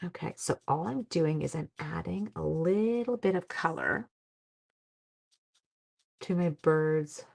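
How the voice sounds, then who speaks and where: Chatty gravelly-voiced woman crafting live. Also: deep voice, takes it slowly, long pauses. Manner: chatty, self-deprecating, drops to quiet mutters while working. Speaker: craft livestream host. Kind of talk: casual crafting demonstration.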